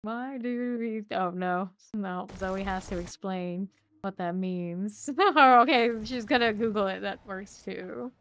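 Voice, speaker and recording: A woman's voice: mid-range voice, takes it slowly, a bit bright. A woman streaming a game and chatting casually with her viewers, laughing often as she reads and answers chat.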